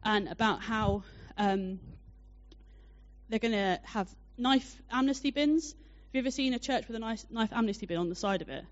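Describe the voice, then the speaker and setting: A young woman preaching a sermon, telling a personal story in a chatty, animated way with many fillers. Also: fairly high pitch, moderate pace. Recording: dull lo-fi sound.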